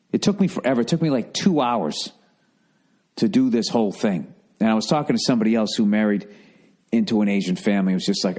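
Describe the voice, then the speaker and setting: A man's voice: mid-range voice, darkish tone. A middle-aged American man telling a rambling, profane comedic story as a podcast host.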